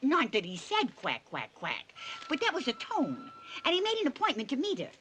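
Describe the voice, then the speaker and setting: A woman's voice: sits high, huge pitch swings, normal speed, a bit bright, a little hiss or hum, heavily acted. An actress voicing a nosy, gossiping elderly neighbor woman in a dubbed film, talking in a chatty, breathless way.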